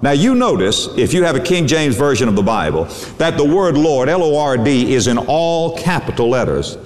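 A man preaching a sermon, drawing out words for dramatic emphasis. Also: animated. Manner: dramatic, drawn-out emphasis with sweeping pitch. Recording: echoey hall with long reverb.

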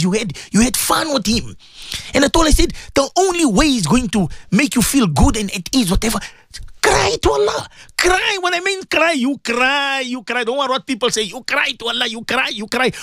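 A man's voice: sits high, fairly bright tone, no echo. A man, an Islamic cleric hosting a radio advice talk, speaking in an impassioned, pleading, repetitive preacher's manner.

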